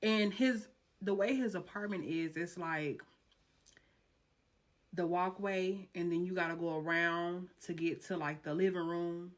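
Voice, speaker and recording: A woman's voice: fairly low pitch, measured pace. A woman telling a dramatic personal story in a casual vlog, cursing freely and talking in slang. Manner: animated, profane, slangy storytelling.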